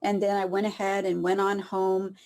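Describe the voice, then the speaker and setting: A woman sharing a personal story in an emotional, heartfelt way, pausing often and laughing softly through tears. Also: mid-range voice, monotone. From Southern California.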